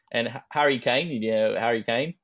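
A young man co-hosting a podcast, telling rambling anecdotes and dropping deadpan jokes in casual chat. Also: mid-range voice, normal speed. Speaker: podcast co-host.

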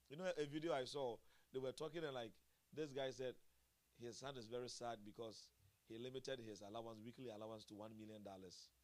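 A man preaches at a church service in a mid-range voice, keeping a steady tone at a fairly quick pace. Frequent chuckles punctuate a sermon that moves from soft murmurs to loud cries.

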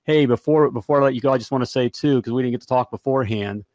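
An upbeat male podcast host rambles through his sign-off, full of fillers. His voice sits at an everyday pitch. The sound is dry and close, with little room echo. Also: fast, a little mellow. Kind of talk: casual show wrap-up.

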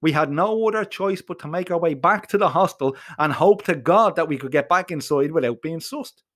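A man with an Irish accent telling a comic first-person story in a profane, colloquial and animated way. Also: fairly high pitch, a little fast. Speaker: narrator.

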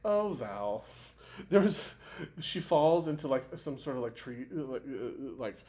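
A man's voice: mid-range voice, big pitch swings, measured pace, a little mellow. Rambling man recapping a show. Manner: rambling retelling full of "like" fillers and restarts. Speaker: podcast co-host. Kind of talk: casual chat recapping a TV show.

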